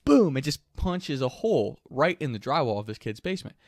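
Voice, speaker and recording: A man casually telling a story, animated and profane, often laughing as he talks. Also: medium pitch, a little fast, dry recording, clean studio sound.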